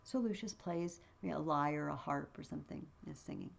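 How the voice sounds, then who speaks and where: A woman's voice: deep voice, brisk, vocal fry, muffled recording. A woman teaching a play, reading passages aloud with feeling and then explaining them in a casual way.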